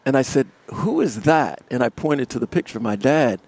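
A man, a musician guest in a live radio interview, telling animated stories and laughing often. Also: mid-range voice, a little fast. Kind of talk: casual storytelling interview. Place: outdoors in front of a music studio complex.

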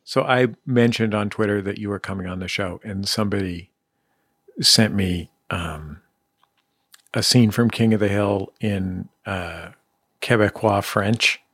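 A man's voice: on the low side, a little slow, fairly bright tone, breathy edge, no room sound. Friendly male radio host. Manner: friendly, conversational, dry humor. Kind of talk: interview and show outro.

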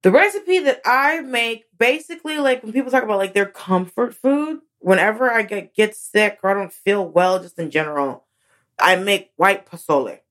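A woman comedian chatting casually as a guest, an animated storyteller whose voice swoops high when she acts out moments. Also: normal speed. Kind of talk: casual interview chat.

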